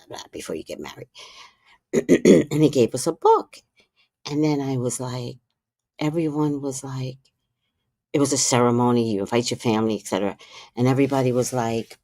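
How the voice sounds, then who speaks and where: A woman with a low voice tells stories on a livestream, and her pitch leaps and dips all the way through. She drops to hushed asides and then bursts out loud, and she swears freely. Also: dry recording, clean studio sound. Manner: animated, swings from hushed asides to loud outbursts, profane. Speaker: livestream host. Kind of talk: casual storytelling chat.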